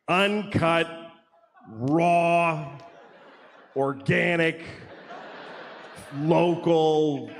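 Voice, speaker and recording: A man with a fairly bright voice on the high side performs a stand-up comedy set in a live hall with audience noise. His delivery is rambling, sardonic, and self-deprecating, with frequent restarts.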